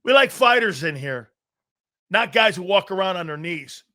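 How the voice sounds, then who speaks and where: A man's voice: sits high, animated, normal speed, pushed and bright. A man hosting a sports talk stream, ranting casually in a brash, profane, teasing way.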